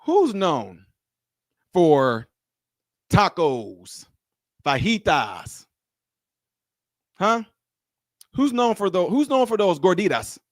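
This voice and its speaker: A man doing reaction commentary on a video, teasing and animated, repeating his lines for effect. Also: high voice, very slow, long pauses, dry recording, clean studio sound.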